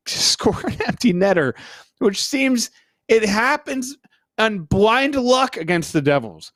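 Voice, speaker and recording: A man from New Jersey co-hosting a casual sports podcast, animated, often mimicking other voices and laughing as he talks. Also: high voice, no room sound. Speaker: podcast co-host.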